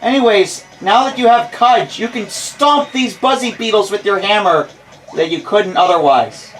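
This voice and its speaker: A man's voice: sits high, animated, moderate pace, a bit bright, faint music behind, poor audio. Rambling American gamer in his twenties. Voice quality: rambling, self-deprecating, many fillers. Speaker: let's play host. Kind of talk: casual gameplay commentary.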